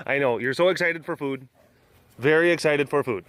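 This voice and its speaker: A man's voice: a little high, normal speed, fairly bright tone, smooth. A bubbly man recording a casual outdoor walk-around vlog at a big cat sanctuary. He chats with the viewers and baby-talks to the cats. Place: outdoors at an animal compound.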